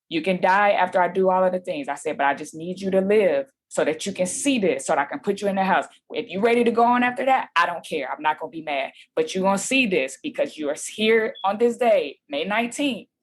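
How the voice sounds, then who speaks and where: A woman with a slightly low voice who tells her story in a lively, slangy way. She keeps jumping into the voices of the people in the story. Her delivery is relaxed and conversational. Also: fast. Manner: animated, slangy, acts out quoted dialogue. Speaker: podcast guest. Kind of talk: casual storytelling interview.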